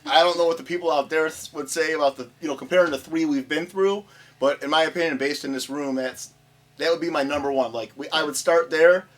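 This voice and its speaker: A man's voice: on the high side, fairly quick, fairly bright tone. A man, a guest musician, chatting candidly and a bit rambling in a small studio room. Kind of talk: casual chat.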